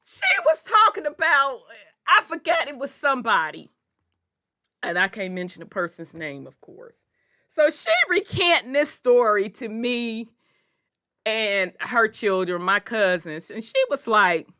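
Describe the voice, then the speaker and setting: A woman's voice: fairly high pitch, measured pace, no echo, clean studio sound. A woman hosting a casual talk show, telling stories with lots of laughter and swearing, then reading news aloud. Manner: animated storyteller, laughs often, swears casually. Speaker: podcast host.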